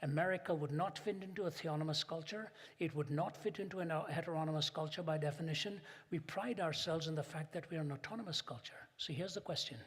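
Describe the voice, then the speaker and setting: An older man giving a public lecture, an emphatic storyteller who builds to dramatic pauses. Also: a little high, husky. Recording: long hall reverb.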